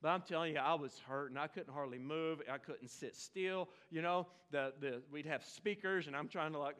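Forties pastor, high bright voice, chatty self-mocking sermon storyteller. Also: male voice, moderate pace, hardly any pauses, smooth. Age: 40s. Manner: humorous, self-deprecating, chatty with congregation. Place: church sanctuary.

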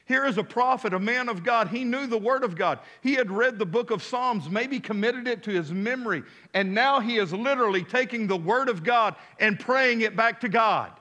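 A man's voice: very high-pitched, normal speed, hardly any pauses, pushed and bright. A man preaching a sermon as pastor, emphatic, with call-and-response to his congregation and casual asides. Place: church.

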